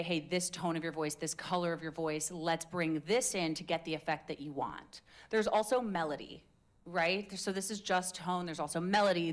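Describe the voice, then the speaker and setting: A woman coaching a live public speaking workshop, talking in an upbeat, casual, demonstrative way into a handheld mic. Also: fairly low pitch. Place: indoor meetup room with a group. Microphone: handheld microphone.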